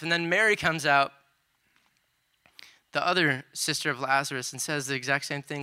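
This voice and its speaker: A man preaching a sermon with a very bright, crisp voice, pitched a little above most men. He retells scripture in a loose, conversational way, dropping in casual asides. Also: fairly even intonation, fairly quick.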